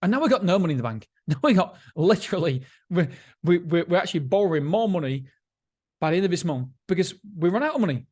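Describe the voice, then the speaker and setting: A man's voice: sits high, animated, quick pace, darkish tone. Podcast host, male, slightly raised voice, blunt and profane, loose motivational rambling with frequent restarts. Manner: blunt and candid, swears freely; repetitive, restarts sentences. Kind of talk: casual motivational monologue.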